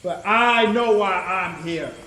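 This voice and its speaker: A man's voice: high voice, takes it slowly, bright, forceful tone, reverberant, a little hiss or hum, heavily acted, poor audio. An actor playing a defiant, educated prisoner of war who argues back and accuses his captor. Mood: accusing. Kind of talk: indie film drama.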